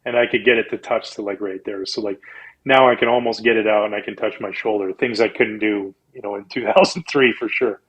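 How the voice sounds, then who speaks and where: Middle-aged man from Canada, guest storyteller, casual and animated, jumps into high-pitched impressions. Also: a little fast, muffled recording.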